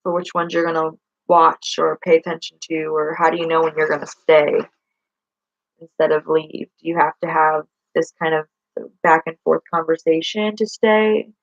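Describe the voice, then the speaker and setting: A woman with a gravelly, fry-laden voice chats on a livestream, rambling and correcting herself as she talks to viewers. The audio is dull and lo-fi, and the sound is dry and close. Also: sits low, fairly even intonation, normal speed, dry recording. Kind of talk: casual live-stream chat. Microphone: laptop or phone mic.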